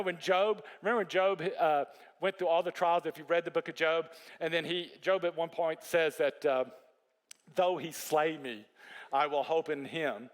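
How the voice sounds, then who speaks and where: A man preaching a sermon as a pastor, telling the story in an animated way that climbs high when he stresses a point. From Texas.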